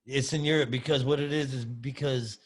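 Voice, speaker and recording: A man's voice: medium pitch, steady tone, fairly quick. A man hosting a casual podcast chat, slangy and swearing, calling his guest "bro". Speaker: podcast host.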